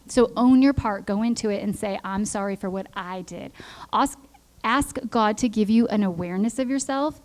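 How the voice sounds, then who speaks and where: Middle-aged female church speaker, conversational sermon delivery, animated storyteller who voices quotes. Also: mid-range voice.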